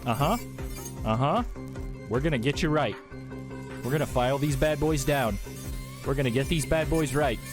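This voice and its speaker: A man's voice: medium pitch, moderate pace, long pauses, over music. A man joking his way through comic reaction commentary on viral videos, playful and exclamatory.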